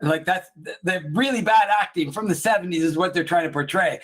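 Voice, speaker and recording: A man's voice: high-pitched, fairly quick. A man co-hosting a casual chat who rambles through a comedy retelling, laughing often and acting out the lines. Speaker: podcast co-host.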